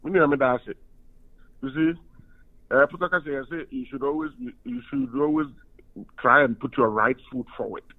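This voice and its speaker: Over a tinny phone line, a Ghanaian university lecturer who is also a union official calls in to a radio interview and speaks emphatically, moving between Twi and English. His voice is medium in pitch, his pace moderate, with long pauses.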